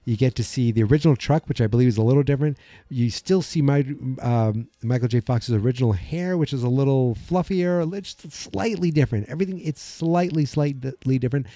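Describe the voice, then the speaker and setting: A middle-aged podcast host rambles casually through movie commentary with many restarts, acting out film lines in quick voices. His voice is mid-range yet very dark and mellow, recorded dry and close with no room sound.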